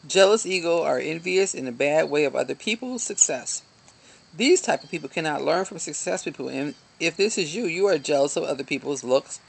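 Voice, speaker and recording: A woman's voice: low-pitched, expressive, a little fast, vocal fry, breathy edge. A woman giving an earnest, encouraging self-help talk to a hand-held camera, reading from a book with frequent ums and asides. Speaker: motivational self-help speaker. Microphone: self-filmed, camera held in hand at arm's length.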